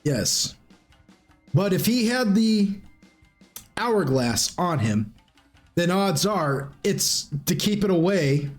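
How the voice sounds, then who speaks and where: Slightly high-voiced male game master. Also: slow pace, pauses often, faint music behind. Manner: lively storytelling with casual fillers. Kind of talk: narrating a tabletop game.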